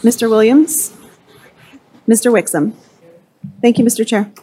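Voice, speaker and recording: A woman clerk calling the roll at a board meeting, reading names and titles briskly and evenly. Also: on the high side, mellow, husky. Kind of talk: formal roll call.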